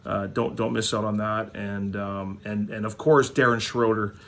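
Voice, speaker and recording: A man's voice: on the low side, steady tone, normal speed, a little hiss or hum. Blunt, swearing Canadian man ranting. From Manitoba, Canada. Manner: blunt, profane, rambling, with frequent fillers. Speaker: hockey card vlogger. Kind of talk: casual profane rant.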